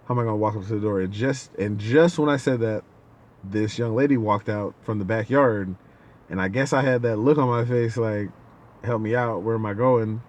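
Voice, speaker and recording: A podcast host with a lowish voice tells a casual story at a brisk pace, animatedly acting out the people in it. The audio sounds dull.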